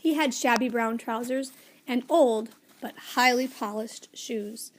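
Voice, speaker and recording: A woman narrating a children's story aloud in a measured, gently expressive way. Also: fairly high pitch, a little hiss or hum.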